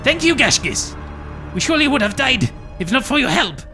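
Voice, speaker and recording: A man voicing an excitable young male adventurer brother who calls out high and loud. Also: a little fast, soft background music, heavily acted. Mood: eager.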